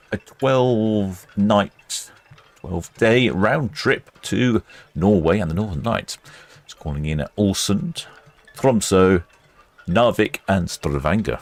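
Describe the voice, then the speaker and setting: A man's voice: fairly low pitch, slow. A man hosting a live stream, giving casual, rambling commentary and correcting himself as he goes. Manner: chatty, rambling, self-correcting.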